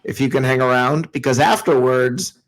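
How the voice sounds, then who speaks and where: A man's voice: mid-range voice, moderate pace, low-quality recording. A man hosting a casual sports talk show over a video call, joking and laughing often. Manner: jokey, laughs often, playful impressions. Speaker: podcast host.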